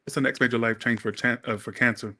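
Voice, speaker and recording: At a fast pace, a man with a medium-pitched, steady voice that sounds pushed and bright does a laid-back tarot reading. He rambles, swears a lot, talks straight to his viewers, and keeps offering them apologies.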